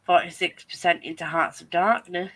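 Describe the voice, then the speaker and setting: A woman's voice: on the low side, fairly even intonation, moderate pace, a bit bright. A young adult woman hosting a casual chat, rambling along and swearing freely. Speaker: host.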